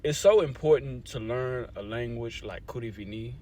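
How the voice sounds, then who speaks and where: Warm and mid-range, the voice belongs to a young Louisiana man speaking at a moderate pace. As a language advocate in a casual to-camera talk, he explains things conversationally, often checks on his listeners, and leans on the phrase "you see what I'm saying."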